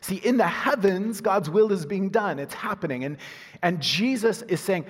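A man preaching a sermon as a pastor, animated, moving from loud emphasis to hushed asides and laughing at himself. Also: high-pitched, moderate pace. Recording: husky voice in a reverberant hall.

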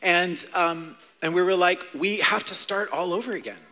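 A man in his forties, a pastor preaching a playful, animated sermon to a church congregation. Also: sits high, normal speed, faint music behind. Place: church sanctuary. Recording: long hall reverb.

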